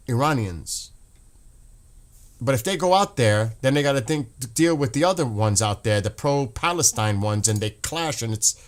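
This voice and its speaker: A man hosting a casual livestream, talking emotionally and passionately, swearing and restarting his sentences as he goes. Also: mid-range voice. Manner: rambling with restarts. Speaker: livestream host.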